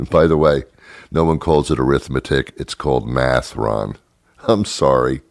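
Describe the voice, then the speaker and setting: A talk show host with a very low voice, rambling through a sarcastic comic monologue. He mock-scolds and pokes fun at himself. The sound is dry and close. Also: unhurried, gravelly, no room sound. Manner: self-mocking asides. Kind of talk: comedic monologue.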